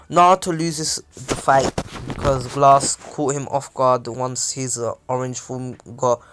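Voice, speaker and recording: A man at an ordinary middle pitch retells a fan-made story off the cuff. He rambles, trips over words and corrects himself as he goes, in an easy, chatty manner. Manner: rambling, with fillers and self-corrections. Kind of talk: casual fan-fiction retelling.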